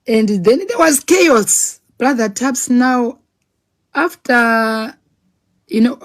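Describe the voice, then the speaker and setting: A woman tells her own story in a fairly high voice. She performs it dramatically, acting out each scene and throwing in sound words. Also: animated, slow pace. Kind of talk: personal storytelling.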